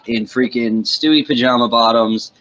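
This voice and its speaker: A man's voice: medium pitch, steady tone, moderate pace, fairly bright tone, low-quality recording. A man who is still sick, hosting a casual online game chat over a computer mic and joking around. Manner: joking, rambling. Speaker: streamer hosting the session.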